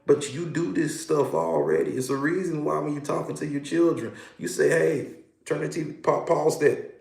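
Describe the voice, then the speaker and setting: A man's voice: medium pitch, gravelly, echoey room. A man, a hypnotherapist, hosting a casual livestream, talking animatedly and greeting viewers by name.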